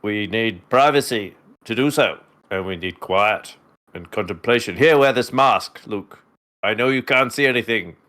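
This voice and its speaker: A man voicing a solemn, creepy old male Jedi mentor in an imitation refined British accent, intoning slowly. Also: fairly low pitch, fairly bright tone, close to an everyday voice. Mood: coaxing. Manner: slow, drawn-out intoning.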